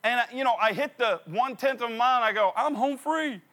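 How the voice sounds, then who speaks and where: A middle-aged man preaching a sermon, telling stories with animated repetition of key phrases. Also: very high-pitched, rapid-fire. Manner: animated storytelling, repeats phrases for emphasis. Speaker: pastor.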